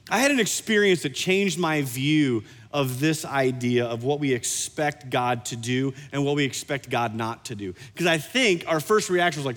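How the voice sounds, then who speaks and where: Pastor preaching in a reverberant hall. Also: male voice, a little high. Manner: storytelling, animated, slows for emphasis. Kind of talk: sermon.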